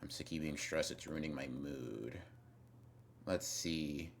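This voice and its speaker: A young man with a very low voice chats loosely with his stream audience. He rambles, teases viewers and keeps restarting his sentences with fillers. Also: fairly even intonation, unhurried, creaky. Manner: rambling, teasing, trails off with fillers and repeats. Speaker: streamer reading chat. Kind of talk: casual live-stream chat.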